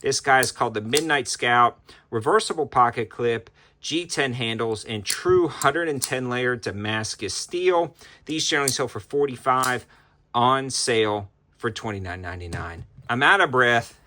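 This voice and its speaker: A man with a bright, forceful voice runs down product deals one after another. His delivery is brisk and upbeat, like a seasoned presenter reeling off specs and prices. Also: medium pitch. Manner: quick, upbeat sales-style patter. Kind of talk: product deal rundown.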